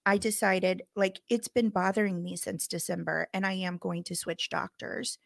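A middle-aged woman co-hosting a podcast, telling a personal story in an emotional, animated way. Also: mid-range voice, moderate pace, vocal fry, no echo, clean studio sound. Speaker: podcast co-host. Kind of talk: casual chat.

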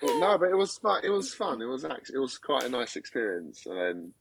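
A man guest on a football podcast, chatting casually in a halting, stammering way with plenty of swearing. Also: medium pitch, very animated, creaky, breathy edge, rough recording. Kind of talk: casual chat.

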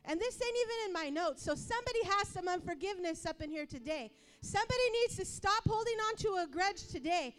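High-voiced woman preaching a sermon. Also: animated, fairly quick, few pauses. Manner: impassioned, rising to yelling; acts out quoted voices.

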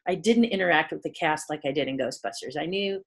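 A middle-aged woman guest telling stories in an interview, leaping up in pitch to act out the people she quotes. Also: fast talker, breathy edge. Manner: lively storyteller who jumps high to act out quoted people. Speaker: guest, puppeteer. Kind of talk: animated storytelling interview.

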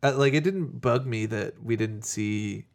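A man's voice: medium pitch, measured pace. A man with a stuffy nose in casual podcast chat about a movie, enthusiastic and rambling. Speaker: podcast co-host.

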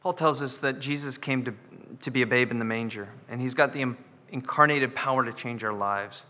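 A man's voice: mid-range voice, fairly quick, bright, forceful tone, in a large hall. A man preaching an earnest sermon as pastor, often repeating words as he builds a point. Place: church sanctuary.

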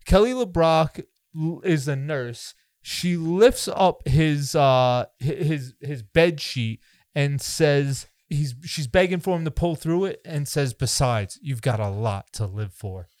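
A man's voice: on the high side, lively intonation, takes it slowly, a little mellow, no echo, clean studio sound. A man co-hosting a casual movie review chat, incredulous and riffing on the absurd parts of a film. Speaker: podcast co-host.

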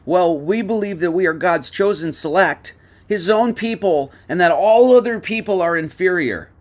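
A man voicing a self-righteous old rabbi in a bar joke, in a high, exaggerated joke-telling voice. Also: moderate pace, lightly acted. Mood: smug.

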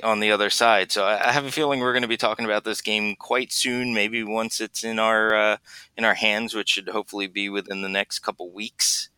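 Male podcast host, lowish voice with a bright, crisp edge, dry close mic, easygoing and profane. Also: dry recording. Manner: relaxed, swears casually, laughs often. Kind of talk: casual chat.

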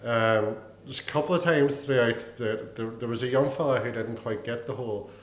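A Northern Irish comedian chats on a podcast with easygoing anecdotes at a mid pitch. He sounds relaxed and conversational, and a roomy echo hangs around his voice. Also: normal speed. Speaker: comedian guest. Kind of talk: casual comedy podcast chat.

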